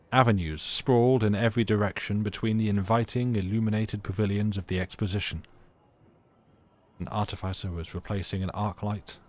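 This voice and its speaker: A man streaming a story game live, reading its narration aloud with casual, chatty asides and playful restarts. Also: fairly low pitch.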